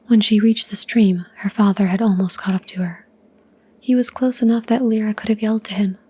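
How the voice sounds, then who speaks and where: A woman reads a short story in a soft ASMR whisper, unhurried and even. Her breathy voice is mellow and dark, with a flat, steady line and little rise and fall. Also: medium pitch.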